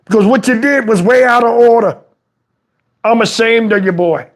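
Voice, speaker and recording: Speaking at a moderate pace in an extremely high pitch, a man plays an elderly father ranting comedically. The dad is indignant and preachy, scolding in exasperation, swearing, and shouting at times.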